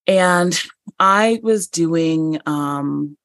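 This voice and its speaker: Low-voiced woman telling a lively story. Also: extremely slow, no room sound. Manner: animated, frequent fillers and laughs. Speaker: podcast guest. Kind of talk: conversational storytelling.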